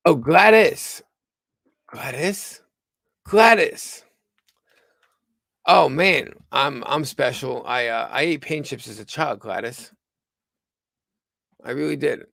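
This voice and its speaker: Tired, halting male live-stream host. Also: medium pitch, vocal fry, fairly bright tone, no room sound. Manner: halting, with many restarts and stumbles. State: tired and under the weather. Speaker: host of a livestreamed news show. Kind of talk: rambling live-stream chat.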